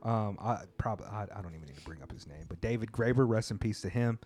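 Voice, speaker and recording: A man's voice: fairly low pitch, expressive, quick pace, a little mellow. A man hosting a podcast, chatting casually in laid-back slang with frequent restarts and "you know what I mean.". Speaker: podcast host. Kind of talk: casual chat. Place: lives in Japan.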